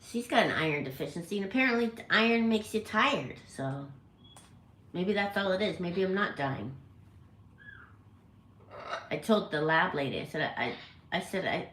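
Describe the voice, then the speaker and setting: A woman's voice: on the low side, expressive, moderate pace, long pauses, a bit bright, roomy sound, rough recording. A woman hosting a casual livestream from home, rambling and correcting herself as she chats with viewers. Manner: rambling, self-correcting, chatty. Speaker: parrot channel host.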